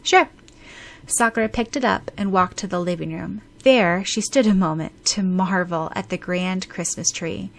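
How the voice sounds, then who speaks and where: A woman narrating a fan fiction audiobook in a brisk storytelling manner. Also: lowish voice, gravelly.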